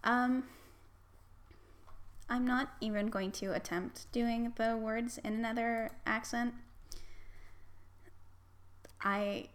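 A young Canadian woman with a Canadian accent, chatting in a casual vlog in a relaxed, self-deprecating way. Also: a little high, slow, long pauses, slight background noise. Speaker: vlogger. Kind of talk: casual accent-challenge vlog with a book reading.

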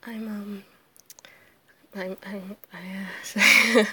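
Hoarse and half-whispering as if sick, an audio creator haltingly answers a questionnaire in a casual solo recording, with many apologies and nervous laughs. Her mid-range voice has fairly even intonation and a bright, forceful tone.

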